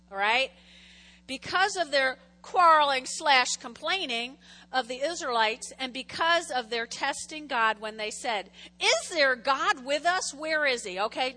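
A woman with a high, lively voice teaches a Bible story from the pulpit. Her tone is bright and sharp. She talks informally, swings between soft asides and loud exclamations, and keeps the story moving. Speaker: preacher. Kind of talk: casual Bible-teaching sermon.

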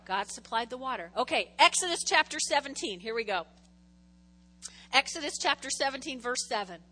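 A woman with a high, lively voice teaches a Bible story from the pulpit. Her tone is bright and sharp. She talks informally, swings between soft asides and loud exclamations, and keeps the story moving. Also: moderate pace. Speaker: preacher. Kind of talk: casual Bible-teaching sermon.

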